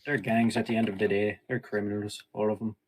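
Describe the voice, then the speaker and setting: A man's voice: lowish voice, little pitch movement, brisk, a little hiss or hum, natural voice, poor audio. A man playing a stern streetwise local.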